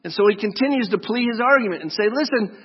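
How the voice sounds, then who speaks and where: A man's voice: high voice, lively intonation, very fast, breathy edge. A male preacher retelling a story in a sermon, conversational and joking, with asides to his listeners. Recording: dull lo-fi recording.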